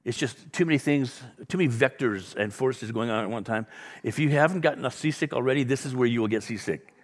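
A middle-aged man preaching a sermon, acting out the dialogue with sudden loud bursts and soft drops. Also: medium pitch, a little fast. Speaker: pastor.

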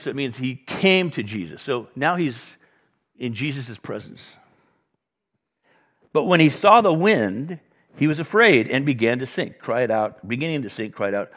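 A middle-aged man preaching a sermon, acting out the dialogue with sudden loud bursts and soft drops. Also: mid-range voice. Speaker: pastor.

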